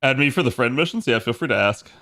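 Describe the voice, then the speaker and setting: Fast and animated, this streamer speaks at medium pitch with a sharp tone. He keeps up casual talk with his viewers as he plays, laughing a lot.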